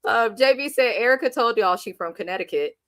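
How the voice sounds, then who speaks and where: A woman's voice: on the high side, lively intonation, a little fast, fairly bright tone, dry recording. A woman co-hosting a casual reality TV recap, blunt and sassy, reading viewer comments aloud. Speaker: show co-host.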